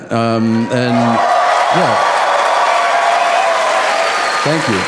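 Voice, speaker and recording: A man's voice: mid-range voice, noisy background. A man doing a stand-up routine, telling a story with quoted dialogue. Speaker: stand-up comedian.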